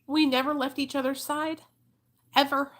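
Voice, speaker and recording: A woman's voice: sits high, flat delivery, normal speed, a bit bright. A woman in her thirties telling her life story to livestream viewers, chatty and emotional, swearing freely and calling them y'all. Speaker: livestream host.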